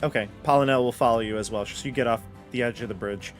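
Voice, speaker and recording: He sounds like a laid-back guy running a dungeon game, thinking aloud with plenty of ums and stops and starts. His voice sits at an ordinary middle pitch, and soft music plays behind him. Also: fast. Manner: relaxed, rambling with fillers. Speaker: dungeon master.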